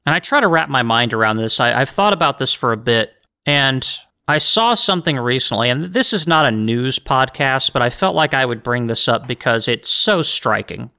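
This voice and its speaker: American guy ranting on his own podcast, bright tone, keeps asking questions and restarting. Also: medium pitch, animated, normal speed. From United States. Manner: argumentative, rhetorical questions, frequent restarts. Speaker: podcast host. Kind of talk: solo opinion podcast monologue.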